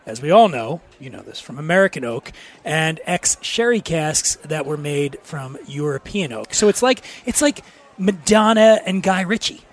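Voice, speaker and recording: A man's voice: on the high side, animated, moderate pace. A man co-hosting a casual podcast chat, joking and wisecracking. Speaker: podcast co-host.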